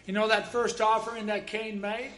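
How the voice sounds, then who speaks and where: A man's voice: high voice, flat delivery, moderate pace, fairly bright tone. A man preaching a sermon, emphatic, quoting scripture and dropping wry jokes.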